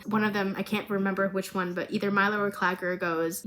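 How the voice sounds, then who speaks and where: A woman's voice: medium pitch, fairly quick, few pauses. A young woman vlogger recapping a TV series in a dramatic, chatty way, full of asides. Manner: animated, dramatic, laughing asides.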